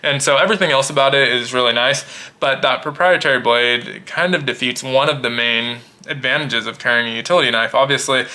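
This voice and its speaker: Man with a very bright voice. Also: medium pitch. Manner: relaxed, explanatory, thinks aloud with small restarts. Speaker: gear reviewer. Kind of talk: casual product demonstration.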